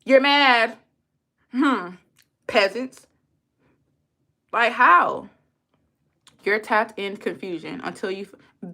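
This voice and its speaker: Woman, livestreamer, bright forceful voice, blunt, profane, heated, repetitive. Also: fairly high pitch, drawn-out words, vocal fry, pauses often. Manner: repeats lines for emphasis. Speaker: livestreamer talking to her chat. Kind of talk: unscripted livestream rant.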